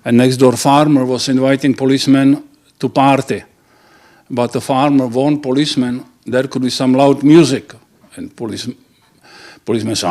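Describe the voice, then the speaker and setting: Man, joke teller, halting, restarts words, mid-pitched. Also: fairly even intonation, darkish tone. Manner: halting, restarts words, laughs at own punchlines. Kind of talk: telling dirty jokes.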